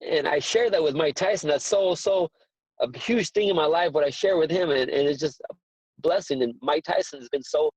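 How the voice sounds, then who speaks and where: Man in his forties, boxing trainer, eager storyteller, a bit high-pitched, dry and dull lo-fi sound. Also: a little fast, husky, no echo. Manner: earnest, excitable storyteller who repeats words. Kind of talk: casual interview storytelling.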